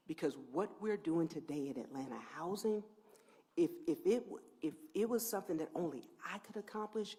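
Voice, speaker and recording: A middle-aged woman who heads a housing agency gives a heartfelt public speech at a press event. She swings from near-whispers to loud, emphatic peaks as she thanks people, speaking into a podium microphone. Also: on the low side, animated, a little fast.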